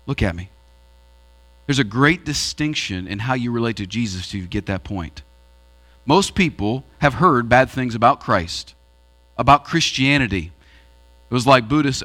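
A pastor preaching a sermon in a church auditorium, swinging between raised and hushed delivery. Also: male voice, mid-range voice.

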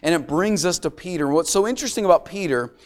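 Man, pastor, preaching a sermon, slightly high voice, loud bursts and quiet lines. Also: fast. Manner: dynamic preaching, swinging from loud intensity to quiet hushed lines.

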